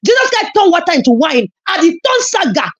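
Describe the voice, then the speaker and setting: Speaking fairly quickly in a very high-pitched, sing-song voice, this woman berates a rival during a fiery online tirade. She has a Nigerian Pidgin accent, comments on social media, and punctuates her scolding insults with loud, forceful bursts.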